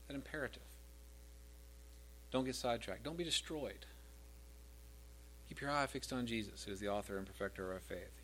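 Preaching at a normal speed with frequent pauses, this middle-aged male pastor keeps his pitch in the medium range and his delivery animated. Repeated scripture lines swell louder and higher before falling away again, with slight background noise in the recording.

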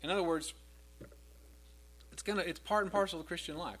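A man's voice: fairly high pitch, fairly quick, pauses often, fairly bright tone. A middle-aged man preaching a sermon as pastor, repeating verses with rising emphasis.

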